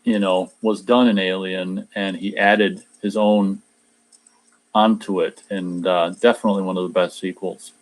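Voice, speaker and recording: Rambling low-voiced man hosting a chat show. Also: fairly even intonation, a little slow. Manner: rambling, repeats words when starting sentences; tries a mock Australian accent in a few short bits. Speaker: radio show host reading live chat. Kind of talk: casual chat.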